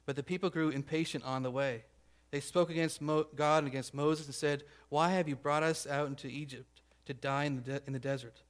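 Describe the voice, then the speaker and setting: A pastor preaching a conversational sermon, checking in with the congregation and acting out the grumbling crowd. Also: male voice, fairly high pitch, steady tone, a little fast. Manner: acts out grumbling crowd voices.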